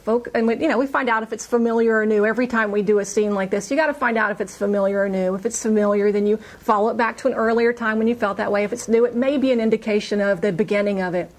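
A woman recounting a hypnosis session in a lively, animated way, her voice sitting a little high. She jumps up in pitch whenever she voices the client's scared lines. It sounds like casual podcast storytelling. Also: fast, hardly any pauses. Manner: animated, acts out client's quotes in higher voice.

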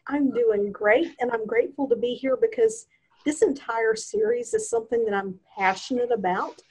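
A woman, a podcast guest, speaks earnestly and with enthusiasm. Her voice is high and breathy. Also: lively intonation, moderate pace, darkish tone, low-quality recording. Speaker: guest, hypnosis instructor. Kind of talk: casual podcast interview.

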